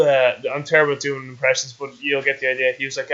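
A man with an Irish accent hosting an interview, chatty and quick as he tells stories and asks questions. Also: medium pitch, level tone, fairly bright tone, dull audio. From Ireland. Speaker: podcast host. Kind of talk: conversational interview.

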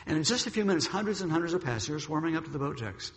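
A pastor tells a dramatic story during a sermon, his slightly high, gravelly voice brisk and expressive as he acts out the characters' lines. The reverberant church hall leaves a long echo after each phrase.

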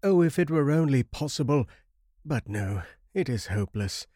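A man's voice: mid-range voice, moderate pace, darkish tone, no room sound, clean studio sound, pitched above the performer's own voice, close to an everyday voice. A man voicing an anxious young husband and lost traveller in a horror story reading, eager and pleading.

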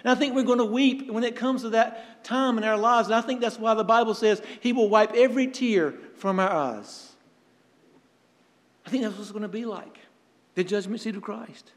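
High-voiced preaching pastor in a reverberant hall. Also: male voice. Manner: earnest preaching with storytelling and dramatic pauses. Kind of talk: sermon.

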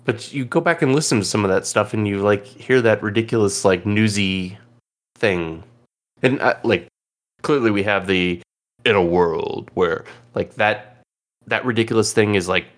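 Male podcast host, very low voice, meandering casual chat. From Illinois. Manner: rambling, filler-heavy.

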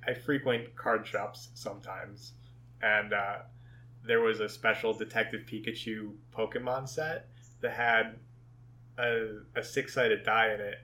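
A man co-hosting a podcast, chatting casually, with frequent chuckles and halting restarts. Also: medium pitch, pushed and bright. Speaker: podcast co-host. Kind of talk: casual chat.

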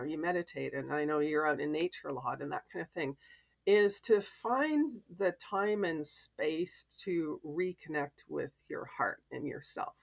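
A woman's voice: deep voice, gravelly. A woman, a podcast guest and mentor, telling stories and advice in an earnest, reflective way. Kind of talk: casual interview chat.

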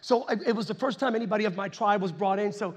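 A middle-aged male preacher telling a story from the pulpit in an animated, chuckling way, with sudden loud outbursts. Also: high voice, fast talker. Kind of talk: storytelling sermon.

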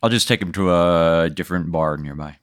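A man's voice: low voice, a little fast, no echo. A man playing in an improvised role-play game, answering with short, dry replies. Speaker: game player.

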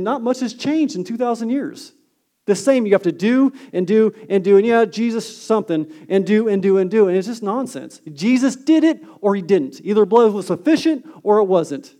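A man preaching a sermon as a pastor, earnest and emphatic, dropping to a hushed tone on key lines. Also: sits high, expressive, brisk.

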